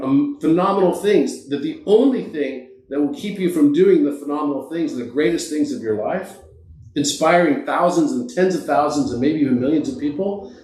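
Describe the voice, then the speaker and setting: Appearing as a podcast guest, a man tells motivational stories with earnest emphasis. His pitch is fairly high and his tone darkish, and the room sounds echoey.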